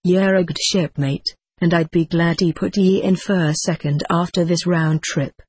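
A gruff old-school chief engineer, put on by a storybook reader, coaxing a young shipmate to stay. The voice is husky and fatherly, recorded dry and close. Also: medium pitch, steady tone, measured pace, a little mellow, dry recording. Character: gruff Scottish ship's chief engineer, man.

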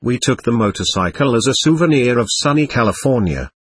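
An aloof young woman in her twenties, calm and evasive, who answers everything matter-of-factly, as a male storyteller reads her lines. The voice is husky, with a lively lilt, recorded close and dry with no room sound. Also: mid-range voice, a little fast, no room sound.

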